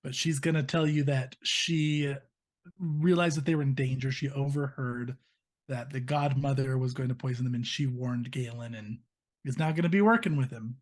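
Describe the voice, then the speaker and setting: A man's voice: mid-range voice, normal speed. A man acting as game master, narrating a tabletop game and voicing its characters, laughing often.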